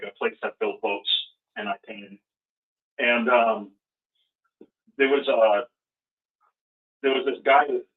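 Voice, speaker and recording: A man from Rhode Island with a Rhode Island accent, rambling in a casual group chat with many fillers. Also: medium pitch. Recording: tinny phone-like call audio.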